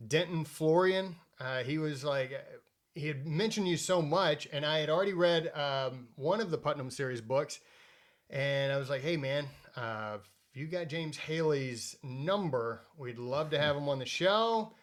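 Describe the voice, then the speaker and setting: A man's voice: a little high, measured pace. A man hosting a casual history podcast, joking and rambling as he introduces a guest. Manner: joking, rambling, self-mocking. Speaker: podcast host.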